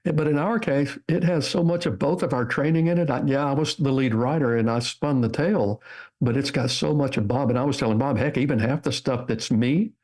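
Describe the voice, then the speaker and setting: An older man guests on a podcast and tells stories with lively energy. His voice sits in an average range, and he acts out the voices of the people in his stories. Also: mid-range voice, brisk. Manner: animated storyteller, acts out quotes. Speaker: guest author. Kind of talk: interview storytelling.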